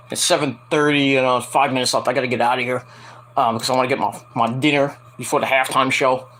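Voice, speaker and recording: A man hosting a casual podcast, rambling and joking while he watches a game, with loud outbursts. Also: mid-range voice. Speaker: podcast host.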